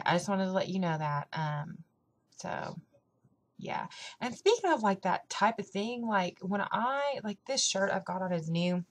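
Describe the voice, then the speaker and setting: A young woman chatting casually on her vlog, rambling with lots of fillers. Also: lowish voice. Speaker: vlogger. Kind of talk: casual weight-loss vlog chat.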